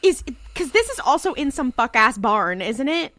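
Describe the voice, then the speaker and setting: A woman co-hosting a podcast, excitable and joking, swearing freely in casual banter. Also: high-pitched, normal speed, a little hiss or hum. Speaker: podcast co-host.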